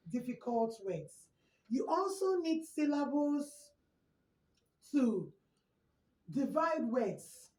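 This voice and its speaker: A woman teacher with a Nigerian English accent takes her class through a lesson, slowly and patiently, repeating each key word. Her voice sits a little high. She is recorded from a distance in an echoey room with a faint hiss behind her. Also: darkish tone. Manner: slow, repeats key words. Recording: echoey room, far from the mic.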